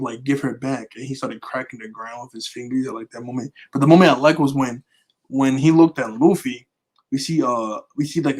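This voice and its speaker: Man, casual fan review, rambling, chuckles a lot, mid-pitched voice. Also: rough recording. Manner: rambling, with frequent fillers and chuckles. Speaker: anime vlogger.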